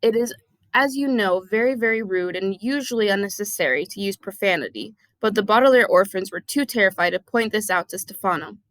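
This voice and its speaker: A woman's voice: mid-range voice, brisk, fairly bright tone, dry recording, poor audio. A woman reading a children's novel aloud, narrating chapter by chapter with chatty asides and the odd stumble over rare words. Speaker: audiobook reader.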